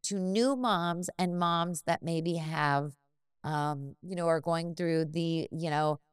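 Host: young woman, low and smooth, animated casual interviewer. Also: slow, no room sound, studio quality. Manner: lively, acts out quoted speech. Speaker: podcast host, mother.

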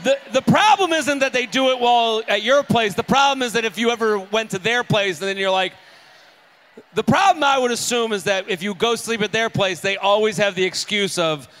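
A man's voice: sits high, brisk, fairly bright tone. A man hosting a live comedy show, joking and swearing as he banters with the crowd. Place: live venue with audience.

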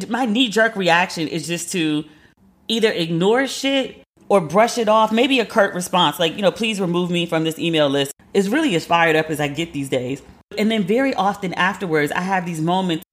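A woman's voice: lowish voice, a bit bright. A woman host telling a personal story in a casual monologue, candid and profane, acting out quoted lines of herself and others.

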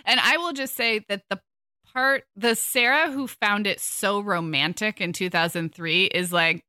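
A woman's voice: medium pitch, lively intonation, normal speed, sharp tone, smooth, no room sound, clean studio sound. A woman co-hosting a podcast, chatting casually and enthusiastically in gushing asides. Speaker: podcast co-host. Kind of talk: casual chat.

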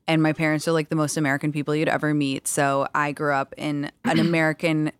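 A woman's voice: sits low, little pitch movement, fast talker, clean tone, no room sound. A young woman hosting a podcast, chatting casually in a bubbly, rambling way with lots of "like". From grew up in London. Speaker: podcast host. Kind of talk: casual chat.

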